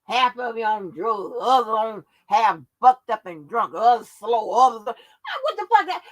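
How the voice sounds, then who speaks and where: A woman's voice: on the high side, measured pace. A woman hosting her own channel, delivering a profane, confrontational rant that scolds her viewers. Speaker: channel host.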